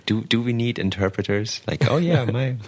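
A man's voice: medium pitch, normal speed, a little mellow. A man speaking as a guest on a tech podcast, hesitant with lots of restarts and a wry humor. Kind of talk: casual tech podcast chat.

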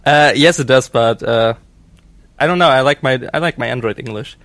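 A man's voice: mid-range voice, moderate pace, fairly bright tone, no room sound. A man from Germany with a German accent, chatting casually on a podcast, laughing often and restarting his sentences. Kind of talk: casual chat.

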